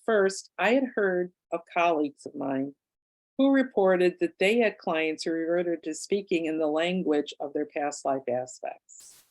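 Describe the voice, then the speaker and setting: A woman's voice: fairly low pitch, measured pace, darkish tone, low-quality recording. A woman, an author and past-life regressionist, telling a client's case story in a conversational way with asides and fillers. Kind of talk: book club talk, telling a case story.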